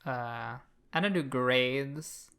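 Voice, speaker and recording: A man's voice: mid-range voice, extremely slow, vocal fry, a bit bright. A man from Canada co-hosting a casual podcast review chat, blunt and sarcastic, swearing freely. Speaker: podcast co-host.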